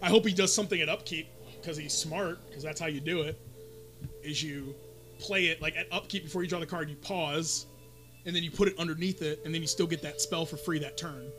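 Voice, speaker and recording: A man's voice: fairly high pitch, steady tone, fairly quick, fairly bright tone, faint music behind. A man playing a card video game with a friend, commenting casually and ranting with lots of profanity. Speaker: gamer.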